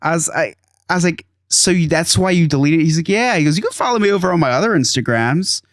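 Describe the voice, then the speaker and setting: Male podcast host, 30s, casual storyteller, slightly higher voice, dry close sound. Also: quick pace, dry recording. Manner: animated, exasperated storytelling with acted-out quotes.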